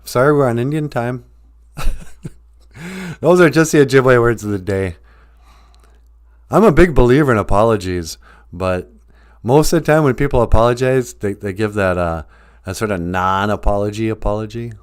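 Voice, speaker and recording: A man's voice: fairly low pitch, expressive, a little slow, long pauses, clean tone. A man hosting a livestreamed podcast, chatting in a teasing, mock-serious way. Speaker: podcast host. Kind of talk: joking livestream chat. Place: home livestream.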